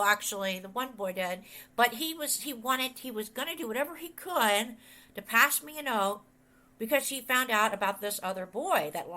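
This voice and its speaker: A middle-aged woman pastor talks her way through a message in a loose, chatty sermon style. Her voice sits somewhat high and rings bright and forceful. She wanders through anecdotes and acts out the people she quotes. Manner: rambling, animated, quotes others in voices. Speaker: pastor and author. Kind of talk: conversational sermon with storytelling.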